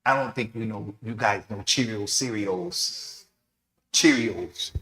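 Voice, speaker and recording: Speaking slowly in a lowish voice with a sharp edge, a man delivers a mosque lesson like a sermon. He tells a story with animation, performing the voices of those in it, and the recording has the echo of a mosque hall.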